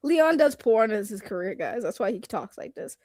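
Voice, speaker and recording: A young woman with a fairly high, lively voice teases and gossips, giggling often. She is recorded close up in a dry room. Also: moderate pace, dry recording. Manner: giggly, teasing, animated. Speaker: co-host. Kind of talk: casual gossip banter.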